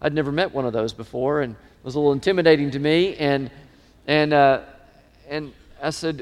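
A middle-aged man preaching a sermon, emphatic and animated, his voice swelling in pitch and volume. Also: brisk. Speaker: pastor. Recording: long reverb of a large hall.

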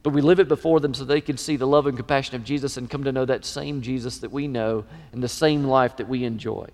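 A middle-aged man preaching a sermon, emphatic and animated, his voice swelling in pitch and volume. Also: fast talker. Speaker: pastor. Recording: long reverb of a large hall.

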